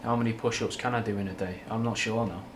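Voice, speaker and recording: A rambling, down-to-earth young man with a Manchester accent and a touch of Scouse, talking casually and swearing now and then. His voice sits fairly low, and faint ambient noise hums underneath. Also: steady tone, fast. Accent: Mancunian with a slight Scouse twang. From Manchester, England. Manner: rambling, frank and swearing, with British slang. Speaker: livestream host answering chat. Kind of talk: casual livestream chat.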